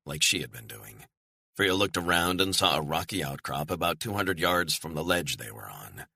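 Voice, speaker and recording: Deep, husky male audiobook narrator. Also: no echo, clean studio sound. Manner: measured, lively storytelling. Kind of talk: scripted thriller narration.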